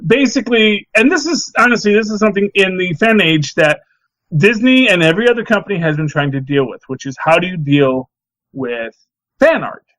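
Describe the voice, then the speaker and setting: Middle-aged guy on a podcast, kinda high voice, rambly and animated, dry close sound. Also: fairly quick, no room sound, low-quality recording. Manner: rambling, animated, many restarts. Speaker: podcast co-host. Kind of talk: casual chat.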